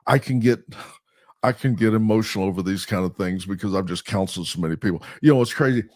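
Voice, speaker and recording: A man's voice: on the low side, fast talker, a little mellow, no echo, studio quality. A middle-aged man and pastor hosting a podcast, talking emphatically in a sermon-like way and laughing at himself now and then.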